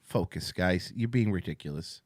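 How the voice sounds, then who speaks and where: A man's voice: low voice, normal speed, no room sound. Guy hosting a livestream show, all over the place and swearing, wired on coffee, very dry sound. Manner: excitable, rambling and profane. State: amped up on coffee. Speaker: podcast host. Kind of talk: casual livestream talk show chat.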